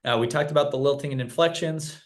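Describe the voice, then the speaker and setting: A man's voice: fairly high pitch, quick pace. A man teaching new sales reps in a casual virtual training session, explaining points with examples. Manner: conversational, explains with examples and acted-out quotes.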